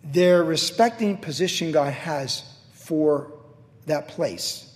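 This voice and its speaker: A man preaching a verse-by-verse sermon. His delivery is conversational and animated, and he keeps checking in with the listeners. His voice is a little high for a man, and a long hall reverb follows it. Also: slow. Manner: conversational, animated, asks "right?" often. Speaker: pastor.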